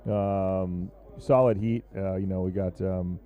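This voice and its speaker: A man calling a surf contest live, his voice low and very dark in tone. He talks in a loose, joking way, rambling through plenty of fillers as he chats with his co-host. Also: fairly even intonation, slow pace. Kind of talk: live sports commentary.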